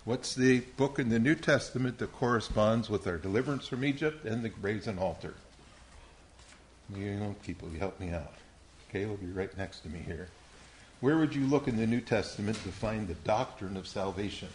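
A man's voice: lowish voice, moderate pace, slight background noise. Patient man leading a Bible lesson, quizzing young listeners one by one. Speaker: Bible teacher.

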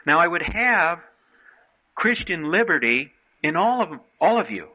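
A man's voice: a little high, sing-song, unhurried, dull audio, slight background noise. A man preaching a sermon to young people, earnestly exhorting and quoting old-fashioned scripture. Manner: earnest exhorting, quotes King James scripture.

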